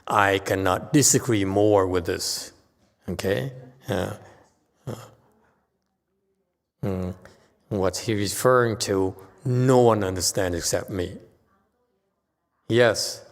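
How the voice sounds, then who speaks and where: A man's voice: fairly low pitch, slow, long pauses, long reverb tail. A man teaching as a Buddhist master in a dharma lecture, blunt and dismissive, brushing off questions with impatience.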